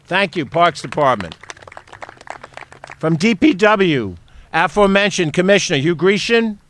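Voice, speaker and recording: A man's voice: high voice, very animated, unhurried, a bit bright. A man, a county executive, speaking at an outdoor stadium ceremony, reading out and thanking a list of people. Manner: reads out names and thanks them. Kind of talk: ceremony speech.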